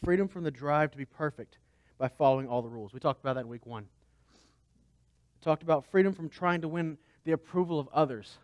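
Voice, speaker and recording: A man's voice: fairly high pitch, brisk, dry recording, clean studio sound. A man pastor preaching a conversational sermon, asking his listeners rhetorical questions.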